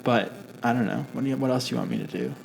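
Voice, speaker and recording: A man's voice: mid-range voice, rapid-fire, gravelly, noisy background. A man co-hosting a podcast, chatting casually and laughing easily. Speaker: podcast co-host. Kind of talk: casual chat.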